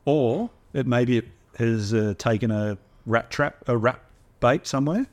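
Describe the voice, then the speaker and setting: A man's voice: medium pitch, a little slow, darkish tone. A man co-hosting a casual podcast, rambling and hesitant with many restarts. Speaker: podcast co-host. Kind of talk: casual banter.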